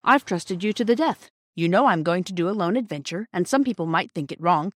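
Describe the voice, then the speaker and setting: A woman's voice: on the low side, animated, brisk, no echo, clean studio sound. A woman reading a storybook aloud, voicing a proud, secretive young boy who speaks in a lofty, indignant way.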